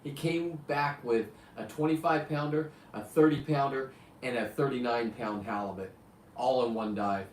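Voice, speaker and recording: A man's voice: medium pitch, moderate pace, a little hiss or hum. A man in his fifties hosting a live show, talking bluntly in a rambling, profane way. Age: 50s. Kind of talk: rambling live-stream chat. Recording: roomy, distant mic, faint ambience.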